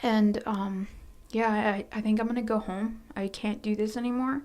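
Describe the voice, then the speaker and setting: A quiet, soft-spoken woman telling a casual storytime about her work, hesitant and sometimes sinking into near-whispers. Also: mid-range voice, level tone, moderate pace. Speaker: storytime vlogger.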